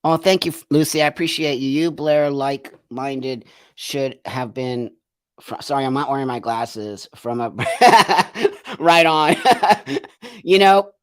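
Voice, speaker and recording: Slow and fairly high-pitched, a male live show host talks to viewers and reads out their comments. His manner is indignant and ranting, and he repeats phrases for emphasis.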